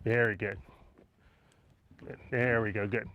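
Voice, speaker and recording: Calm man coaching a horse. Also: lowish voice, measured pace, no room sound, narrow, tinny audio. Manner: calm, coaxing, explains while working. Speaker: horse trainer. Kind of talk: instructional demonstration.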